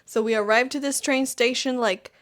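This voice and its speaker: A woman's voice: fairly high pitch, fairly even intonation, moderate pace, a bit bright. A woman co-hosting a podcast, chatting expressively about a trip and imitating the sounds she heard. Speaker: podcast co-host. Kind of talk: casual chat.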